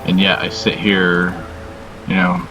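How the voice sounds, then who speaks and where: A man hosting a casual confessional vlog, weary and subdued, talking haltingly with lots of "you know" fillers and frequent swearing. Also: low-pitched, monotone, music in the background, rough recording. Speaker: channel host.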